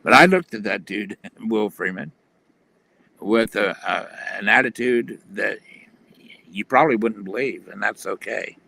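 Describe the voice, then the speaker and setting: A man's voice: lowish voice, a little slow, sharp tone. A man telling his personal testimony in an earnest, plain-spoken way on a video call. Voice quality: gravelly.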